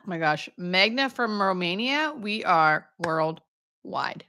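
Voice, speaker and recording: A woman's voice: medium pitch, animated, slow pace, bright, forceful tone, smooth. A woman in her thirties hosting a casual live Q&A as a hospice nurse, greeting viewers by name with chatty, self-deprecating asides. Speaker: hospice nurse and livestream host.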